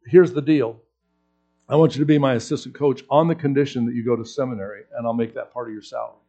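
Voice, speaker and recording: A man preaching a sermon, telling a personal story with acted-out quotes and lively swings in voice. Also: medium pitch, fast, highs cut off. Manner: animated storyteller acting out quotes. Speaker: pastor.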